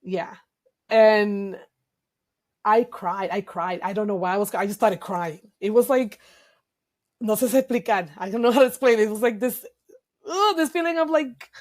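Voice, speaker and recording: A woman's voice: medium pitch, steady tone, normal speed, darkish tone. Reflective woman. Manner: reflective, emotional, hesitant with fillers. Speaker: guest. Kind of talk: candid personal interview.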